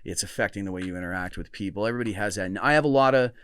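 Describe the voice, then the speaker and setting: A man's voice: on the low side, rapid-fire, a bit bright, smooth. A middle-aged man hosting a podcast, talking in a reflective, earnest way with frequent restarts. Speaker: podcast host. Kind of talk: casual chat.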